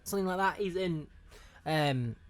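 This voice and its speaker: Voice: mid-range voice, moderate pace, no room sound. A young podcast co-host chatting casually about a film, with stumbling restarts.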